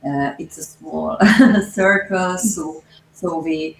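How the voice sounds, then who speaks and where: A woman actress with a Hungarian accent, answering interview questions in halting, hesitant English full of fillers. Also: sits low, gravelly, a little hiss or hum. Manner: slow, hesitant, halting non-native English with many fillers. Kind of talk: festival interview. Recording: echoey room.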